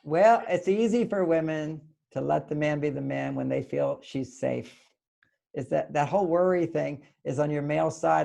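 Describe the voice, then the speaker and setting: A man's voice: on the high side, moderate pace, gravelly, dark tone. A man who is a guest relationship author in a casual interview. He speaks emphatically, affirms his host often and explains his points with examples.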